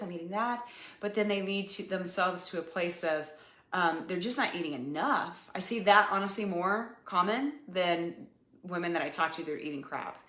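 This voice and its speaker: A woman's voice: on the low side, fairly bright tone, roomy sound. A woman hosting a fitness podcast, coaching listeners in a casual, chatty way with lots of ums and "you guys.".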